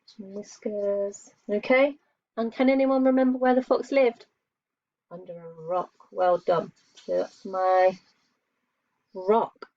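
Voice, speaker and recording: Woman, primary teacher, patient questioning manner, unhurried, muffled lo-fi sound. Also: medium pitch, dry recording. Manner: slow, patient, asks children questions while drawing. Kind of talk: remote lesson for young children. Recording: dull lo-fi dry sound.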